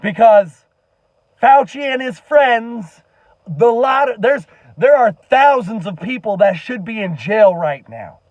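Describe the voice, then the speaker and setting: Man, high-pitched, earnest, impassioned, slightly muffled audio. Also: lively intonation, takes it slowly, no room sound. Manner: earnest, impassioned, emphatic with profanity. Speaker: political commentary vlogger. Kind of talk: emotional monologue to camera.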